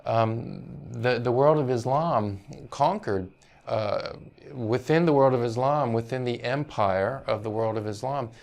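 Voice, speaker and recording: A man's voice: mid-range voice, a little slow, vocal fry, a little mellow. A male university teacher giving a lecture on language history, explaining patiently, often checking in with "right?" and hedging over foreign pronunciations.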